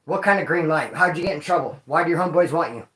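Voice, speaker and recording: A man from Bakersfield, California telling rowdy stories in casual street slang to his viewers, cursing and sometimes yelling. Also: fairly high pitch, fast. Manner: profane, animated street slang, bursts of yelling. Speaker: vlogger. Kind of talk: casual storytelling to a live chat. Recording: echoey room.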